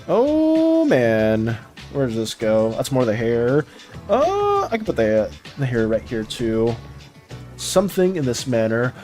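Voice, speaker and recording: Drawing on a livestream, an artist chats casually with viewers, greeting each by name and rambling through restarts. The voice is medium in pitch with huge swings, slow and a little mellow, with faint music in the background.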